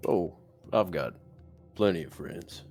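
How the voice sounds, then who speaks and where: A man's voice: sits low, animated, takes it slowly, creaky, a little mellow, faint music behind. A man playing his character in a tabletop game, plainspoken and joking. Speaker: player.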